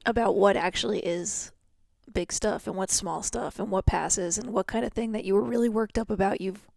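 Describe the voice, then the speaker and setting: Creaky-voiced chatty woman podcaster. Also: medium pitch, normal speed, darkish tone, no echo, clean studio sound. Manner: chatty, reflective, lots of "like". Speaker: podcast co-host. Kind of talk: casual podcast chat.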